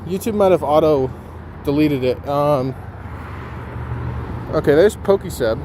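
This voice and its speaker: Chatty male streamer outdoors, higher voice. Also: a little slow, noisy background. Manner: chatty, reads viewer comments aloud with frequent ums. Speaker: live streamer. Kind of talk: casual live-stream chat.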